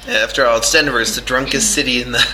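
A man's voice: medium pitch, fairly even intonation, fast talker. A man interviewing a guest, easygoing and hesitant, with many fillers. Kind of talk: casual interview questions. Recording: crowd noise behind.

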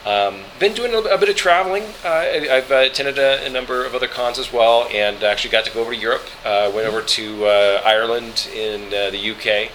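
Chatty man with a bright voice. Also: medium pitch, slight background noise, rough recording. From Colorado, US. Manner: chatty, halting with many fillers and restarts. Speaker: voice actor, interview guest. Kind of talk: relaxed interview chat, storytelling.

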